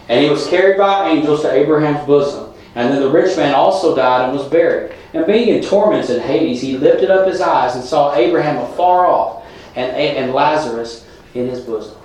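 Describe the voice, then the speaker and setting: A man's voice: on the high side, moderate pace, a little mellow. A man preaching a sermon in a plain, conversational way, talking straight to the congregation. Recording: very echoey room, from a distance.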